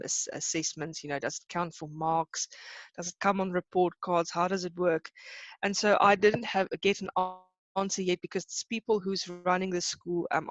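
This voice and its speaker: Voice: medium pitch, a bit bright, no echo, dull audio. A teacher giving a live online lesson, talking in a hesitant, reassuring way with many fillers.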